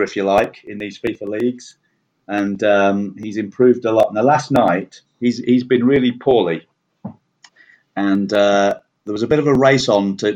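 Brief: chatty man, low voice, self-deprecating, muffled lo-fi podcast audio. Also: darkish tone. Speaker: league player reviewing standings. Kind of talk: casual podcast chat. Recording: dull lo-fi audio.

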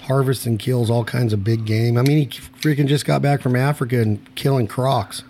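A man's voice: mid-range voice, fairly even intonation, dark tone, slight background noise. A man from Nevada hosting a hunting podcast, chatting casually and joking with his guest. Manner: joking, teasing, rapid banter. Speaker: podcast host. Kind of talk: casual podcast chat and sponsor reads.

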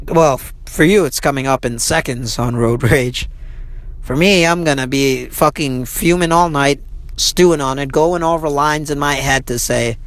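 A man hosting his own podcast, telling a story in a casual, profane rant that runs heated, with frequent restarts. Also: a little high. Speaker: podcast host. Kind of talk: casual ranting monologue. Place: inside a vehicle.

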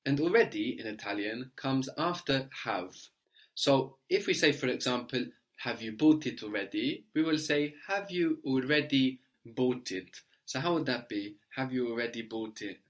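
A man teaching a language lesson, explaining patiently step by step and checking understanding with a quick "no?". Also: medium pitch, lively intonation, fairly bright tone.

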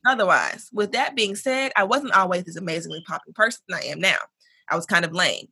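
A woman co-hosting a casual podcast, reading a listener's email aloud in an animated, profane way with African American English. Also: fairly low pitch, brisk, husky, no echo. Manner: animated, profane, laughs often. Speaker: podcast co-host.

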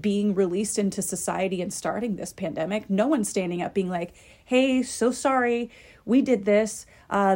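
A woman's voice: medium pitch, warm tone. A young adult woman hosting a podcast, talking in a casual, opinionated monologue, chatty and emphatic with lots of "like". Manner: chatty, heavy use of "like", emphatic. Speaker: podcast host.

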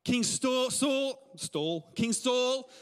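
A male pastor in his thirties with an Australian accent, giving a casual, animated sermon full of stories and laughs. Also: very high-pitched, drawn-out words, clear, resonant tone, in a large hall. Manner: conversational, animated storytelling with laughs. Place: church hall.

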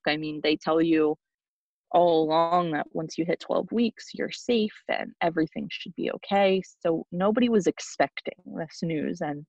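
A young woman shares a painful personal story as a podcast guest, her voice gravelly and held to a narrow, even pitch. She speaks haltingly and often restarts her sentences. The recording sounds dull and lo-fi, with a dry, close sound. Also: no echo.

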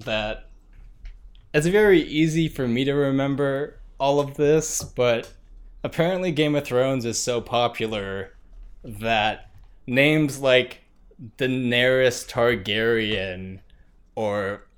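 A man's voice: medium pitch, slow pace, clear, resonant tone. A man hosting a casual podcast, talking in a dry, laid-back way and rattling off plugs for the show. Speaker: podcast host. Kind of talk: casual chat.

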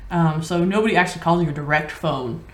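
A woman's voice: sits low, a little fast. Amused woman in an echoey room. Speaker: podcast guest. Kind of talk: casual chat.

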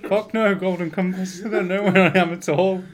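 A man's voice: sits high, steady tone, moderate pace. A man chatting casually while gaming with friends, bantering and swearing with laughter. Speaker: gamer. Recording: crowd noise behind.

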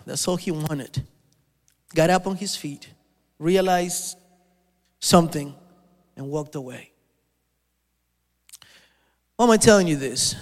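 A man preaching a sermon, telling a story with many halting restarts and repeated words. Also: fairly high pitch, big-room sound.

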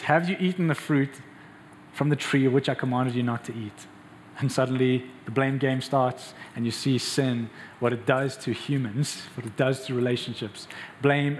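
A man preaching a sermon as a pastor, asking the congregation questions and acting out the lines he quotes. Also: a little hiss or hum. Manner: acts out quoted voices with raised pitch, asks the crowd questions.

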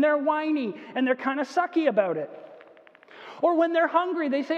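A man with a high voice preaches a conversational sermon, now and then putting on the whiny voices of little children. The sound is dull and lo-fi, with a long reverb trailing off the walls of a large hall. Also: fast. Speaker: pastor.

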